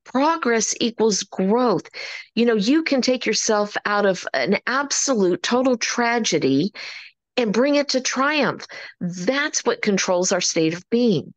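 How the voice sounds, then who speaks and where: A woman's voice: a little high, slow pace, no room sound. A woman giving an upbeat motivational talk as coach at an online meeting, preaching and acting out quoted conversations. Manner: upbeat, preachy, acts out quotes in animated voices.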